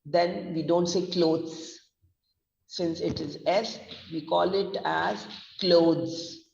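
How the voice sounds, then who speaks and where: A man with a Gujarati accent teaches pronunciation, spelling each word letter by letter and saying it over and over. His voice is slightly high and gravelly, and he speaks very slowly. He sounds far from the mic in an echoey room, on a dull lo-fi recording. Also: steady tone, darkish tone, a little hiss or hum. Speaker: pronunciation trainer. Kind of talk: online pronunciation lesson.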